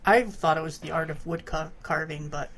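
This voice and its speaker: A man's voice: on the high side, fairly even intonation, normal speed, a bit bright. A man joining a casual podcast, joking and chiming in with the hosts. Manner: joking, hums a news jingle.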